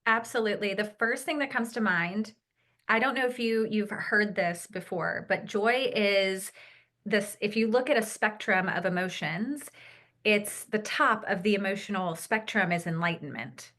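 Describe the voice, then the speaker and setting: A woman guest in a podcast interview, telling stories with lively enthusiasm and slowing to a calm, soothing tone when she talks about peace and breathing. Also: medium pitch. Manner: animated storytelling, acts out excited quotes. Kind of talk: conversational interview.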